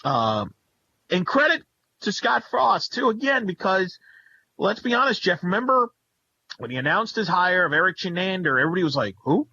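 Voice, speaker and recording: A man co-hosting a sports talk podcast, lively and upbeat, often restarting sentences. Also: high voice, normal speed, lo-fi sound. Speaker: podcast co-host.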